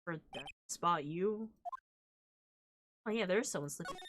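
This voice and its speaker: A woman's voice: on the low side, normal speed, noisy background. A young woman streamer giving casual let's-play commentary, musing about the scenery with little asides. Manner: chatty, reads scenery aloud, asides.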